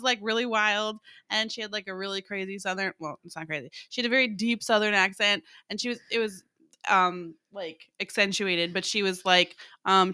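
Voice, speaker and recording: A woman's voice: mid-range voice, pushed and bright, smooth, no room sound, studio quality. A young woman co-hosting a podcast as a hair stylist, chatting casually, laughing often and drifting into tangents. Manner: giggly, rambling, trails off into tangents. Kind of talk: casual chat.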